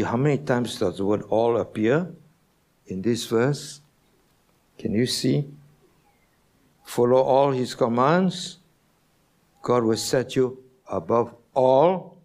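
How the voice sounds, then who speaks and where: A man preaching a sermon as senior pastor in a church, teaching slowly and asking the congregation questions. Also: on the low side, a little mellow. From Singapore.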